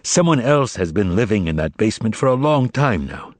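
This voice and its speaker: A tired, tender writer speaks softly and plainly in a low voice. The male narrator gives him a dry, close storybook sound. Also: very animated, fairly quick, no echo. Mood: weary.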